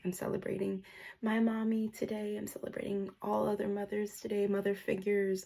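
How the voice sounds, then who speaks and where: A woman's voice: medium pitch, little pitch movement, moderate pace, gravelly, warm tone. A young woman talking to camera in a casual personal vlog, emotional and grateful, holding back tears at times. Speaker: vlogger.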